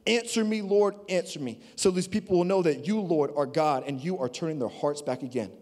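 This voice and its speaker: A man preaching a sermon as a guest speaker, energetic and dynamic, swinging between loud bursts and quiet low lines. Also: a little fast. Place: church auditorium. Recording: long reverb of a large hall.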